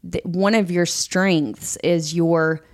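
A woman's voice: on the low side, steady tone, slow pace. A woman co-hosting a podcast who speaks in a supportive, reflective way in casual chat. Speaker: podcast co-host.

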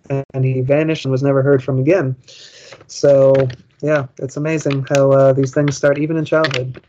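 A man's voice: medium pitch, level tone, normal speed, dark tone, muffled recording. A man co-hosting a podcast, reading a children's ghost story aloud and rambling through wry, joking asides. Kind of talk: casual podcast chat, reading aloud and commenting.

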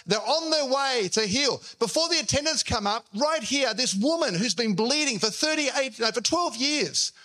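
A man delivers a sermon from the pulpit. His voice sits high and sounds bright and forceful. He tells the story in a lively way, slipping into different voices for each quoted line. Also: normal speed, few pauses. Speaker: pastor.

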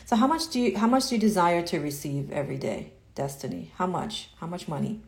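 A woman spiritual coach in a casual live-stream talk, answering viewer comments in an earnest, repetitive way that turns animated when she acts out inner doubts. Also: on the low side, brisk, vocal fry.

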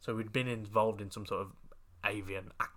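A woman's voice: rumbling low, fairly even intonation, a little fast, fairly bright tone. A young woman in casual chat, telling a story with many fillers. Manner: chatty, storytelling, laughs and coughs.

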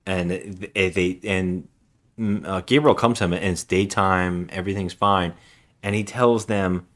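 A man's voice: sits low, steady tone, a little slow, a bit bright. A man co-hosting a podcast, casually retelling a movie scene by scene and quoting characters along the way. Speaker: podcast co-host. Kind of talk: casual movie recap chat.

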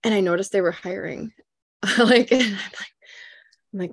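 Minnesotan woman in her thirties, podcast guest, chatty storyteller who laughs a lot, mid-pitched voice. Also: moderate pace, vocal fry, long pauses, slightly rough, no room sound, studio quality. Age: 30s. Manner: chatty, laughs often, animated retelling. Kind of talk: casual storytelling chat.

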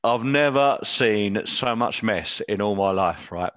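A man telling casual, animated stories as a Navy veteran guest, laughing mid-story and adding tag questions. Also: fairly low pitch, measured pace, no room sound.

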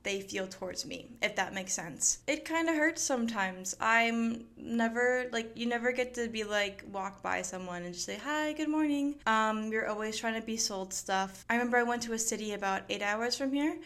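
A woman's voice: on the high side, moderate pace, few pauses, fairly bright tone. A young woman who grew up in Mexico hosts a personal podcast monologue. She talks in a reflective way and often uses fillers like "like" and "I guess". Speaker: podcast host.

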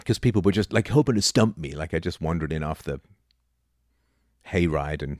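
A middle-aged man talking casually about philosophy, animated, dipping into mocking impressions. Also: a bass voice, normal speed, long pauses, no echo, clean studio sound. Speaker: podcast host.

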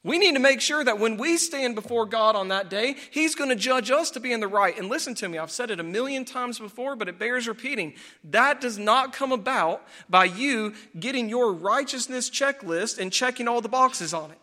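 A man preaching a sermon as pastor, telling a story with animated, exclaiming delivery. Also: extremely high pitch, normal speed, big-room sound.

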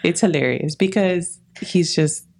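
Deep, gravelly-voiced woman host. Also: unhurried, background noise. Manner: affirming, conversational, fond of "like" and "you know". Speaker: podcast host. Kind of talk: casual interview chat.

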